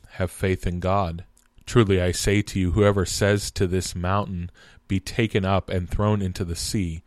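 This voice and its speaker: A man reading scripture aloud as scripted narration, in a measured, steady manner. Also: low-pitched, no room sound. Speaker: scripture reader.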